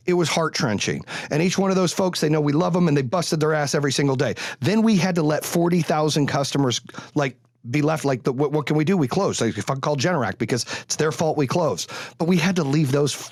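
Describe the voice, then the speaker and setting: Fast-talking blunt, profane man. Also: fairly high pitch, dry recording, studio quality. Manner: blunt, profane, animated storytelling. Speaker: podcast host. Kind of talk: candid monologue.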